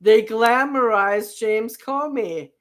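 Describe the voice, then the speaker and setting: A woman's voice: on the high side, slow. A woman co-hosting a casual political chat, firm and defiant in her views. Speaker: podcast co-host.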